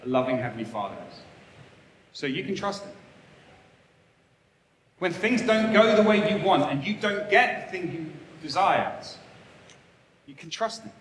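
A man's voice: a little high, fairly bright tone, a little hiss or hum. A man preaching a sermon, earnest and emphatic, repeating short phrases for weight. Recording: echoey hall, faint ambience.

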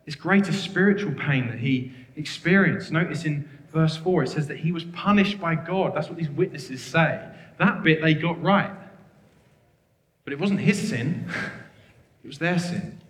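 A man delivers a sermon with earnest, emphatic energy, his voice pitched slightly above the usual. He rattles off scripture references quickly. The sound rings out with a long, roomy reverb, as in a large hall. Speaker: preacher.

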